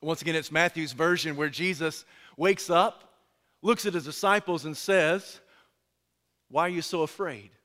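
A man preaching a sermon in a dramatic way, swinging from loud pleading to hushed lines. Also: a little high, measured pace, long pauses. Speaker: pastor. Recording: long hall reverb.

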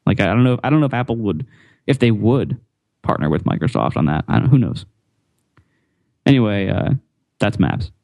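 A man's voice: on the low side, sing-song, moderate pace, gravelly, long pauses, darkish tone, no echo, studio quality. A man hosting a casual tech podcast, rambling and often repeating words with fillers.

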